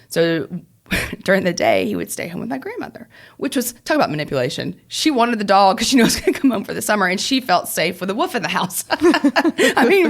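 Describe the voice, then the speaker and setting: A woman lawyer co-hosting a podcast, telling an animated story with laughs and restarts. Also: mid-range voice. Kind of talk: casual storytelling chat.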